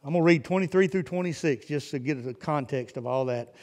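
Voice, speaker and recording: A man's voice: fairly high pitch, a little fast, hardly any pauses, a little mellow. A man preaching a fervent sermon as pastor, his intensity rising and falling. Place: church sanctuary. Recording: church service recording with long hall reverb.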